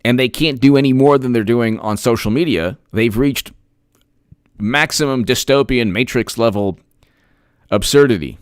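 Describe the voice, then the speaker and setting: A man giving solo political commentary, excitable and sarcastic, talking straight to the viewers and laughing at his own jokes. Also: medium pitch, normal speed, clean tone, no room sound, studio quality.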